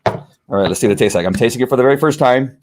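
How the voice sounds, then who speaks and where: A man's voice: mid-range voice, rapid-fire, noisy background. A man chatting casually on a live stream, rambling through a product review with restarts and chuckles.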